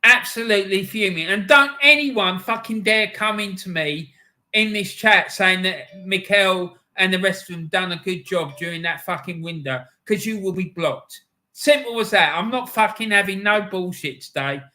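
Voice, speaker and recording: A middle-aged man hosts a live match-day stream in a fairly high voice, ranting and shouting with heavy swearing. His tone is bright and forceful, and he breaks off to read chat messages aloud. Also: moderate pace.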